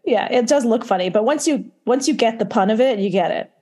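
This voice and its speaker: A woman's voice: a little high, expressive, a little fast. A woman hosting a casual podcast interview, effusive and enthusiastic toward her guest. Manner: gushing, effusive, warmly enthusiastic. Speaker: podcast host.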